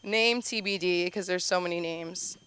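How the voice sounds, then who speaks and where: A woman doing a stand-up comedy set on a club stage, telling animated stories with constant "like"s. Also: lowish voice, normal speed, clear, resonant tone, dry recording. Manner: animated storytelling, heavy use of "like". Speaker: stand-up comedian and show host.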